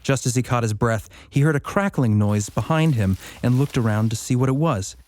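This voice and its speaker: A man hosting a podcast, moving between dramatic story reading and relaxed chat. His voice sits at an ordinary mid pitch, and he laughs easily with his co-host. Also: fairly quick.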